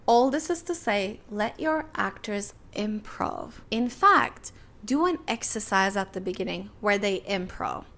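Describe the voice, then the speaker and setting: Woman, young adult, podcast host, casual advice talk, animated and chatty, gravelly fry. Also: medium pitch, unhurried. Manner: chatty, animated, acts out little quoted exchanges.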